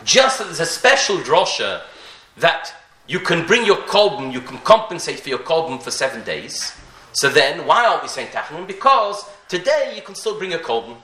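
Male rabbi, Torah class, bright and fairly high-pitched, animated, asks rhetorical questions, roomy echo. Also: normal speed. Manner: rhetorical questions, frequent restarts, Hebrew and Yiddish terms. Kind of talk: Talmudic lecture. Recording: echoey room.

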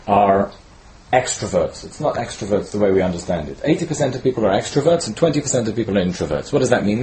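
A man's voice: mid-range voice, darkish tone, a little hiss or hum, rough recording. Conversational man preaching, asking "right?". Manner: conversational, peppered with "right?" tag questions; repeats and restarts words while searching. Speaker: teacher giving a Torah talk. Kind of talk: informal sermon.

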